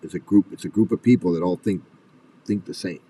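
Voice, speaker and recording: A man's voice: low voice, a little fast, warm tone, slightly rough, distant mic, low-quality recording. A man delivering an angry commentary rant, swearing and firing off furious rhetorical questions. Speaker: commentary video host.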